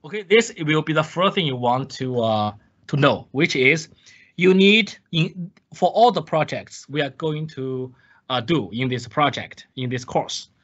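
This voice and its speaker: A man's voice: fairly high pitch, lively intonation, a little slow, fairly bright tone. A man giving a recorded course lecture, repeating key points with emphasis and asking the class questions he then answers himself. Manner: repetitive, emphatic, asks and answers his own questions. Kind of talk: recorded screen-share lecture. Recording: dull lo-fi lecture capture.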